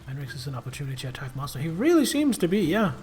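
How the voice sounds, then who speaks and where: A man narrates his game turns live, muttering through his moves and then bursting out excitedly, with a very lively pitch. Faint game music sits under his voice. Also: racing. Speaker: game streamer. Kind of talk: live gameplay commentary.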